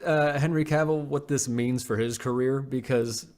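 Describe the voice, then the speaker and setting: A man co-hosts a casual pop-culture podcast, blunt and jokey. His voice sits at a middle pitch and turns emphatic when he argues a point. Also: fairly even intonation, moderate pace, darkish tone. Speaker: podcast co-host.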